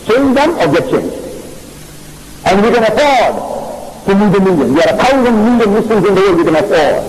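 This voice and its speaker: A man lectures an audience, pressing his points by repeating phrases and acting out quoted exchanges. His voice sits somewhat high and rises and falls a great deal. Clear hiss and noise run under the old recording. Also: a little mellow, rough recording. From South Africa. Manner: emphatic, repeats phrases, tells stories with quoted dialogue. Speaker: Islamic lecturer. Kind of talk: public lecture with audience questions.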